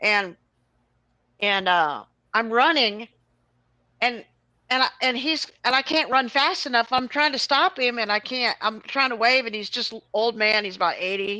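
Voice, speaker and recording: Woman, talk show host, animated rambling storyteller, bright tone. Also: a little high, moderate pace, no room sound, low-quality recording. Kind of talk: casual chat, storytelling.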